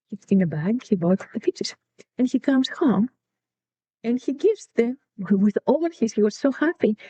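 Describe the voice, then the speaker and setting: Her voice a little high and dark with a breathy edge, a middle-aged woman from Greece shares family stories during an interview. As a podcast guest and co-founder, she's reflective and repeats words while reaching for them. The recording is dry, dull and lo-fi.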